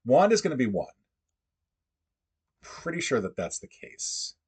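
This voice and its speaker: A man hosting a casual livestream, thinking aloud in a halting, musing way as he works through puzzles. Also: mid-range voice, very animated, darkish tone, breathy edge.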